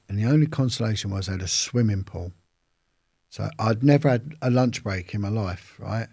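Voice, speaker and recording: Brief: London man, low gravelly voice, husky, rambling storyteller. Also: normal speed, warm tone, dry recording, studio quality. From London, England. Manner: rambling, with restarts and acted-out quotes. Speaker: interview guest. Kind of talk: casual storytelling.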